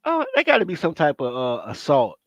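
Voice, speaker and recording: High, lively man chatting loud and laughing. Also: brisk, no room sound. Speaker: co-host. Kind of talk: casual reaction chat.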